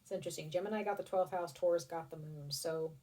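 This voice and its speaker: A woman's voice: lowish voice, fairly even intonation, quick pace, dark tone, far from the mic. A woman giving a casual tarot reading to her viewers, chatty and rambling, with restarts and casual swearing. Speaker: tarot reader.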